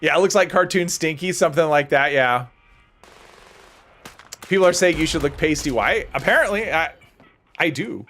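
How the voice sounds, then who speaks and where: Chatty man streaming a game, higher voice. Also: expressive, normal speed, pauses often, pushed and bright. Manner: chatty, rambling, self-deprecating, answers viewer comments. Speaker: gaming livestreamer. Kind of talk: casual livestream commentary while playing.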